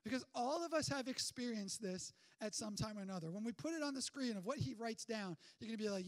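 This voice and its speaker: A man with a very high voice preaches to his church. He talks in a conversational, energetic way, firing off rhetorical questions and often restarting his sentences. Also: fairly quick, hardly any pauses. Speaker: pastor. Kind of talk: sermon.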